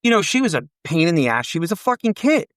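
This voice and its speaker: A man's voice: fairly high pitch, fast talker, no room sound. A man in his forties, a podcast guest, telling rambling, profane stories in a casual chat and acting out the dialogue. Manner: rambling, profane, animated storytelling with quoted dialogue.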